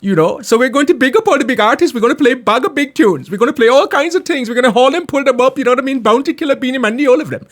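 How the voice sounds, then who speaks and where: A man putting on a high comic Indian accent. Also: animated, rapid-fire, few pauses. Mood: excited. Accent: put-on Indian. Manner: high, bouncy, exaggerated comic voice. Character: excitable Indian man who loves reggae.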